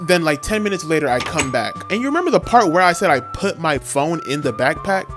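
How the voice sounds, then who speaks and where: A man's voice: on the high side, sing-song, a little fast. A young man narrating a comedic story from his school days in a casual, slangy, self-mocking way. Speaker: storytime vlogger. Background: music.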